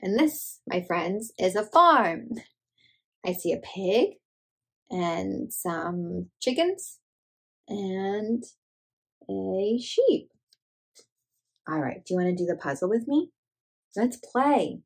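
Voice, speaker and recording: Slow, gentle woman hosting for toddlers. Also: mid-range voice, sing-song, vocal fry, slightly rough. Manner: gentle, slow, sing-song, talks to the child directly. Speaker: children's show host. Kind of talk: playing and singing for toddlers.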